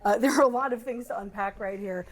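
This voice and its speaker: A woman's voice: fairly high pitch, quick pace. A woman commentator on a news panel, reflecting aloud with some ums. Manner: thoughtful, with ums and a light laugh. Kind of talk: broadcast news panel talk.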